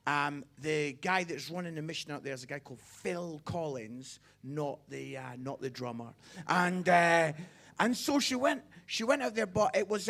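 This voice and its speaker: A middle-aged pastor, whose voice sits high, tells a personal story during a sermon. He's animated and chatty, frequently checking in with his listeners.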